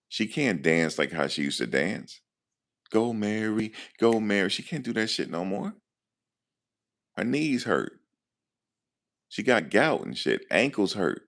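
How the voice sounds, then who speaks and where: Super deep gravelly dude, joking around with chat on stream. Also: male voice, a bit bright. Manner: loose, joking, talks back to chat. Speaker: livestream host. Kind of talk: casual commentary to live chat.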